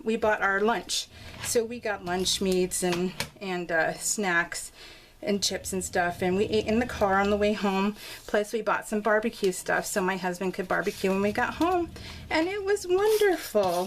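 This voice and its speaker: A woman's voice: mid-range voice, slight background noise. A middle-aged woman telling a family story in casual chat while she works on a craft project at home. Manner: chatty, laughing, restarts a lot, acts out quotes. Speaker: scrapbooking vlogger. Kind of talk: casual storytelling over a craft process video. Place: home craft room with dogs nearby.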